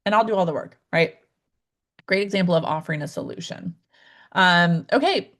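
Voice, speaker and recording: A woman coaching new real estate agents in a live online session, addressing viewers directly and acting out client conversations with lively swings in her voice. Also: moderate pace. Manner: upbeat, acts out client dialogues with big pitch swings; addresses viewers directly, asks them to type in chat.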